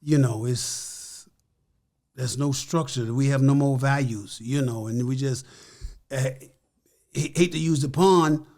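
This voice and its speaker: A man's voice: medium pitch, slow pace, a little mellow. An older American man talking as a guest in a casual interview, earnest and full of "you know" and "like I said.".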